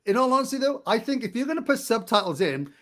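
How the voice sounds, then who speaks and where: A man with a Barnsley accent from Yorkshire, co-hosting a podcast in casual chat, telling animated stories with frequent laughs and stumbles. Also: extremely high pitch, quick pace. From England. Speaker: podcast co-host.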